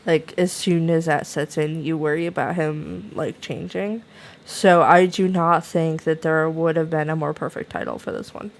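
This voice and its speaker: Casual low-voiced woman book reviewer. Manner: rambling, many fillers and restarts.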